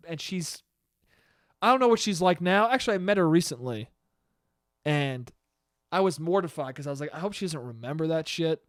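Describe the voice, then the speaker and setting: A man's voice: high-pitched, dry recording, studio quality. A young man hosting a solo podcast, rambling casually and swearing, with self-deprecating bursts of laughter. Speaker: podcast host.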